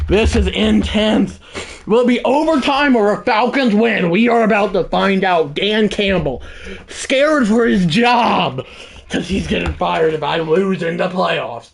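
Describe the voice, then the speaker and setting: A man giving excited play-by-play commentary over a football video game, calling it like a sportscaster and shouting on the big plays. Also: high voice, measured pace, vocal fry, a little hiss or hum. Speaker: gaming channel host.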